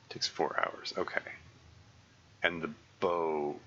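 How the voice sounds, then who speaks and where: Male streamer, deep but bright and lively voice, halting casual gameplay commentary, slightly dull lo-fi audio with faint hiss. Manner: halting, thinking aloud with many fillers and restarts. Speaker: game streamer.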